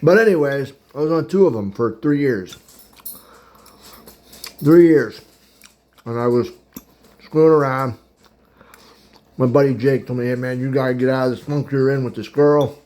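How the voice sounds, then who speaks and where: A man's voice: medium pitch, moderate pace, long pauses, a little mellow. A man in his thirties telling a rambling, chatty story about his dating past, eating while he talks and laughing at his own tale. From Pittsburgh area. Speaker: podcast host. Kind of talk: casual storytelling.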